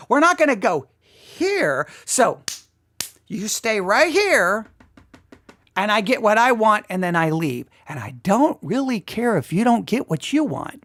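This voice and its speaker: A woman's voice: mid-range voice, fairly bright tone, dry recording, studio quality. A woman acting out a careless, selfish lover who talks to a partner in a dismissive, offhand way.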